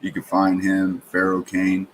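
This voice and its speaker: Brief: easygoing host, very low monotone voice, loose casual chat, faint background hiss. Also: male voice, measured pace, rough recording. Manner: laid-back, loose and rambling. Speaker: channel host.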